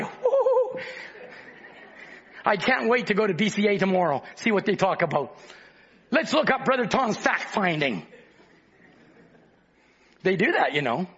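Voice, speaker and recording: High-pitched preacher guy, super lively, bursts of shouting, muffled lo-fi sound. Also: moderate pace, husky. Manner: fervent, often shouting, then dropping low and chatty. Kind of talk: sermon.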